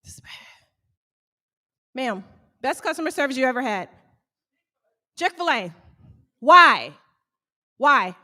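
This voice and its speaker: A woman who owns a small bakery gives a motivational talk to a live audience, animated and calling out questions to the crowd. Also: sits high, takes it slowly, pauses often. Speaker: small bakery owner speaking to fellow business owners.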